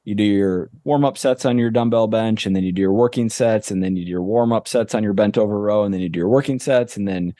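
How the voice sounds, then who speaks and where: A man's voice: fairly low pitch, quick pace, hardly any pauses, mellow, no echo. A young man co-hosting a fitness podcast, methodically explaining training in a dry, matter-of-fact way. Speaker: podcast co-host. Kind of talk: casual explaining.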